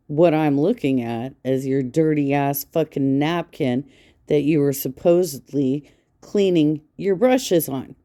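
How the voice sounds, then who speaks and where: Low-voiced woman slowly trashing a guy, sarcastic, cussing nonstop. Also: warm tone. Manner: scornful, sarcastic, swears constantly. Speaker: reaction commentator. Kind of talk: profane mocking commentary.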